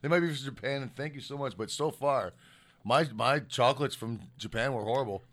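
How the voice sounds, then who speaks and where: A podcast co-host rambles through casual chat, laughing often and swearing a lot. His mid-range voice is a bit bright, and he talks fairly quickly.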